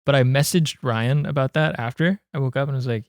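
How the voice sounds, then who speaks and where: A man's voice: medium pitch, steady tone, a little fast, a little mellow, smooth, no room sound, clean studio sound. A man co-hosting a podcast, chatty and recounting anecdotes in casual conversation. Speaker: podcast co-host.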